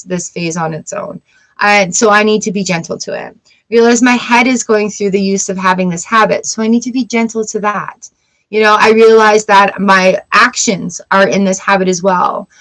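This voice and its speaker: A woman's voice: mid-range voice, a bit bright, poor audio. A woman hosting a livestream, talking candidly and encouragingly in a casual advice chat. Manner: candid, encouraging, self-talk asides. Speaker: tarot livestream host.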